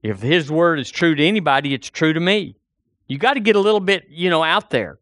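Male pastor preaching a lively sermon in church, dry close sound. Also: fairly high pitch, a little fast, dry recording. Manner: animated preaching, acts out a doubter's inner voice.

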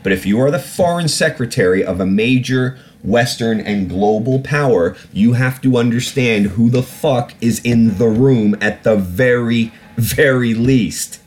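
A man's voice: mid-range voice, measured pace, hardly any pauses, darkish tone. A man hosting a solo podcast, ranting about politics with heavy swearing and rambling, filler-laden asides. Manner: profane, ranting, swears often; rambling with many fillers and restarts. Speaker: podcast host.

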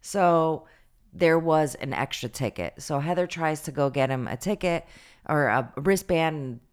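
A woman co-hosting a podcast, telling a story in an animated, casual way full of fillers. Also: deep voice, unhurried, smooth. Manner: chatty, animated retelling with lots of fillers. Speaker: podcast co-host.

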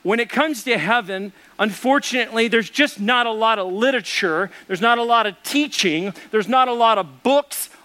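A man's voice: very high-pitched, moderate pace, few pauses, bright, forceful tone. A man preaching a sermon as pastor, telling jokes and stories. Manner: storytelling with jokes.

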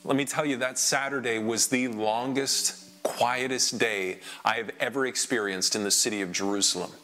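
A man performing an emotional first-person dramatic monologue, swinging between hushed lines and loud outbursts. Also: mid-range voice, fairly even intonation, normal speed, faint music behind. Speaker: dramatic storyteller.

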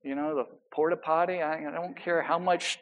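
A man preaching a sermon as pastor, emphatic and building, with relaxed conversational asides to the congregation. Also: a little high, normal speed, phone-quality sound.

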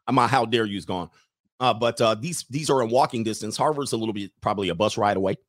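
A man's voice: lowish voice, brisk, dry recording, clean studio sound. Rambling, laughing livestream host man. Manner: rambling, laughs often, animated banter. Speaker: livestream host reading viewer messages. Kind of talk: casual chat.

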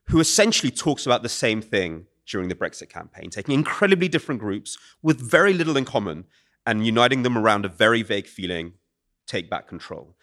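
A British man talking quickly and animatedly as an author being interviewed before a live audience. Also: on the low side. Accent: British English. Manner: fast, animated explaining. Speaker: author and guest. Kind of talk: conversational podcast interview.

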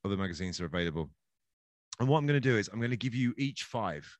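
A quick-talking man hosts a casual podcast, rambling and joking at his own expense. His voice sits on the low side and the recording is dry and close. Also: animated, no room sound. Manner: rambling, jokey, self-deprecating. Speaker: podcast host. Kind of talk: casual chat.

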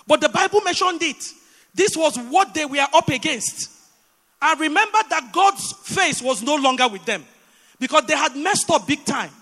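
A Nigerian woman delivers a sermon with a bright, forceful tone and a lively, swinging pitch. She keeps pressing the congregation with rhetorical questions. Her voice rings through a long church-hall reverb. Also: moderate pace. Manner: animated, with repeated rhetorical questions. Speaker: preacher.

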